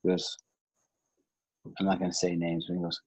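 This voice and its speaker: A man's voice: deep voice, completely flat delivery, normal speed, a little mellow, husky. A man co-hosting a casual comedy chat, telling a family story in a laid-back way with chuckles. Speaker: podcast co-host. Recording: dull lo-fi sound.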